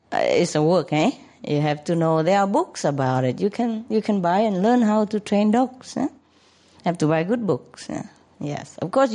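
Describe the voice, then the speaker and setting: A woman's voice: mid-range voice, darkish tone. A woman chatting casually about her dogs in broken English. She laughs often and keeps checking with tag questions. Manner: laughs often while talking; broken non-native English grammar. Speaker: dog owner. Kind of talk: casual chat.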